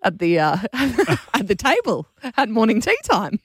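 An Australian woman in her thirties hosting a breakfast radio show, telling a story with animated energy and frequent laughter. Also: a little high, unhurried, slightly rough, no room sound, clean studio sound. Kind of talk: casual radio banter. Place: radio studio. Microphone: studio microphone.

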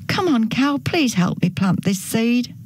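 Storybook hen, small and earnest, pitched up high over the narrator's voice, husky edge; a woman reads her. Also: very animated, measured pace, darkish tone, no room sound, exaggerated voice. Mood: pleading. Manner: pleading, polite, then firm. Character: busy hardworking little hen, polite and determined. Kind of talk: storybook reading.

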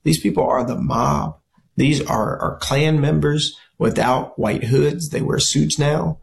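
A man's voice: a little high, takes it slowly, vocal fry. A man giving an impassioned political speech, fiery and accusatory in tone.

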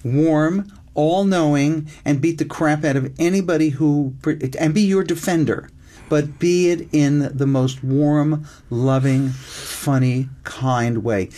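Reflective older man musing slowly. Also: on the high side, dark tone. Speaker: screenwriter guest. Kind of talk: casual interview chat.

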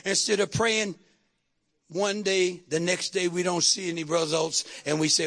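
A man's voice: sits high, fairly even intonation, measured pace, a bit bright. A man preaching a dramatic, humorous sermon with call-and-response. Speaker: pastor.

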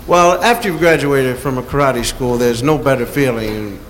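A man doing a stand-up routine, playful and chuckling, with sudden shouted yells. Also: mid-range voice, normal speed. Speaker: stand-up comedian. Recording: noisy live stand-up recording.

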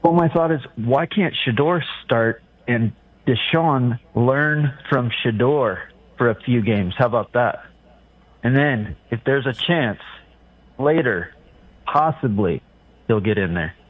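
A man's voice: mid-range voice, lively intonation, takes it slowly, slightly rough. A man calling in to a sports radio show, talking in a rambling, hesitant way. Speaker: caller. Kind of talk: call-in radio chat. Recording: dry tinny phone line.

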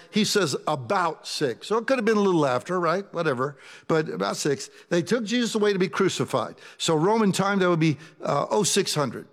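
A man preaching a sermon as pastor, talking in a conversational, animated way with asides to his congregation. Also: a little high, long reverb tail.

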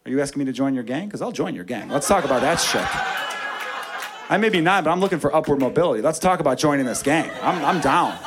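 A man's voice: fairly high pitch, lively intonation, fast, a crowd in the background, background noise. A man telling a story in stand-up, profane and self-mocking. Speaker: stand-up comedian.

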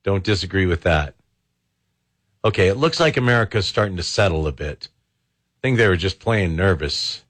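On a studio mic, a man with a low, animated, fairly bright voice hosts a talk radio show, riffing in a jokey, sarcastic way. He talks at normal speed with long pauses, keeping the chat casual.

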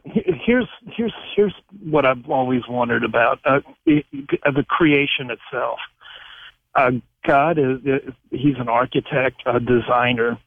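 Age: adult. Sex: man. Role: radio caller. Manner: halting, slow. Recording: phone line. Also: medium pitch, animated, gravelly, slightly rough, no echo. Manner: halting, searching for words.

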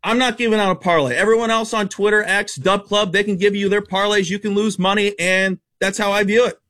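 A man working as a sports betting analyst, rattling off baseball stats quickly and bluntly on a radio show. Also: high voice, fairly even intonation, pushed and bright. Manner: rapid stat-heavy, emphatic and blunt.

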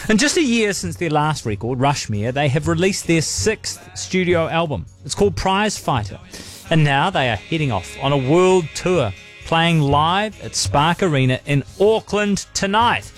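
A man hosting a morning radio interview, chatty and quick to laugh, often restarting his sentences. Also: on the high side, lively intonation, soft background music. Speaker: radio host.

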